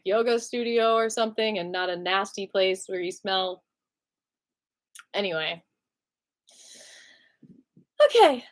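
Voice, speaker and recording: A woman telling a story in a casual storytime vlog, chatty and animated, laughing often and using lots of fillers. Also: fairly high pitch. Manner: animated retelling with many fillers. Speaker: vlogger.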